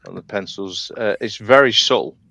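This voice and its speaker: A man's voice: on the low side, moderate pace, gravelly, pushed and bright, no echo, low-quality recording. A man chatting casually on a live panel call, hesitant with many ums and restarts. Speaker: scale modeller on a live panel. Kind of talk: casual chat. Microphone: video call.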